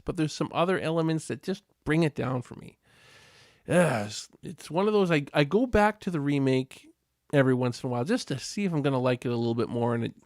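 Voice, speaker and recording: Gravelly-voiced Canadian man chatting live. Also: fairly high pitch, no room sound, studio quality. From Western Canada. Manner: rambling, chatty, laughs often. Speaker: livestream host. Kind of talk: casual live chat.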